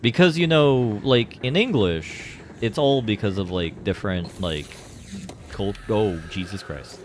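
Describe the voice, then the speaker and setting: A man with a deep, low voice talks through a game on a live stream. He rambles loosely from one joke to the next and leans on filler words as he goes. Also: animated, unhurried, slight background noise. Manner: rambling and jokey, heavy on fillers. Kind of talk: casual live gameplay commentary.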